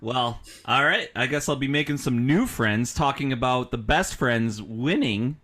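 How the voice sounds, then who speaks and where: A man co-hosting a podcast in casual chat, animated, arguing his picks and mimicking others. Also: mid-range voice, a little slow. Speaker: podcast co-host.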